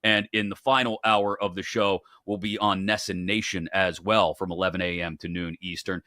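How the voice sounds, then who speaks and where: A male host of a sports betting show from the upper Midwest, giving an upbeat, rapid rundown of games and odds. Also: low-pitched, level tone, sharp tone, dry recording, studio quality.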